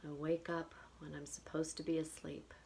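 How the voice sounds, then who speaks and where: A woman guiding a tapping session in a whispered role-play, speaking slow phrases for the listener to repeat. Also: deep voice, level tone, gravelly, a little mellow, slight background noise. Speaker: EFT tapping guide.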